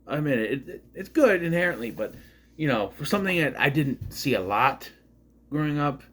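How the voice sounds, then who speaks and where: Rambling man with lively pitch. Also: normal speed. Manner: rambling, retells scenes acting out quotes. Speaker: movie reviewer. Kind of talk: casual spoken movie review.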